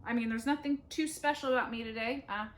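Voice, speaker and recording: A young woman speech therapist talks on camera from her living room. Her fairly high voice slows right down to model each practice question, then she drops in playful, self-teasing asides. A faint hiss sits under the recording. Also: steady tone. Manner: slow, deliberate modeling of practice phrases.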